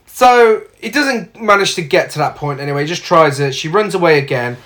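A podcast co-host recounts a film's plot casually and sardonically, swearing freely and talking fairly quickly. Wide pitch swings keep the delivery animated, and she acts out lines from the movie as she goes.

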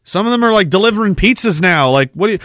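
A man's voice: sits high, lively intonation, a bit bright, no echo. Sarcastic man ranting on a podcast. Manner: sarcastic, profane, fast-shifting rant. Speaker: podcast host.

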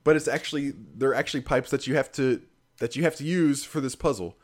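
A man's voice: mid-range voice, fairly even intonation, fairly quick. A man in casual conversation, rambling through a critical game review with lots of fillers and the odd laugh. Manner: rambling, heavy use of fillers, frequent laughs; dry, critical.

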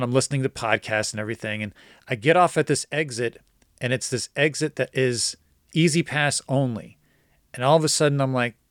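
A man casually telling a long story on a podcast, acting out the other people's lines and getting excited at the twist. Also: mid-range voice, no echo, studio quality. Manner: animated, quotes others in dialogue, gets excited.

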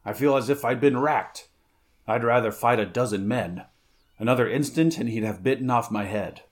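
A man's voice: medium pitch, moderate pace, close to an everyday voice. A man voicing a weary, blunt barbarian warrior in a read-aloud story, grunting his lines. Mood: gruff.

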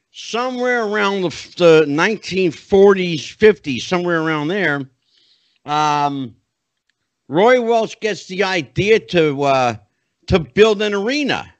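A man's voice: sits high, fairly bright tone, dry recording. A man hosting an interview, chatty and enthusiastic as he sets up questions. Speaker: interview host. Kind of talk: casual interview.

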